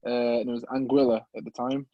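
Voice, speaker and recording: Young man, Midlands accent, podcast guest, animated storytelling, middle pitch, dry slightly dull sound. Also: quick pace, no room sound. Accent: English Midlands. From England. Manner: animated, acts out voices of people in his story. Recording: slightly muffled dry recording.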